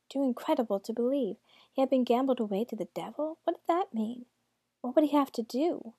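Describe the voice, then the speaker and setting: A woman narrates a storybook in a mellow, dark-toned voice. She breaks off for wry asides to the listener. The sound is dry and close, with no room around it. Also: medium pitch, dry recording.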